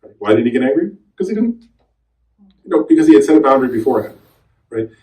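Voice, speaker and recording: This middle-aged meditation teacher talks fast in a mid-range voice, sharing a personal story with a group and bringing quoted voices to life. The sound comes from afar in a spacious hall.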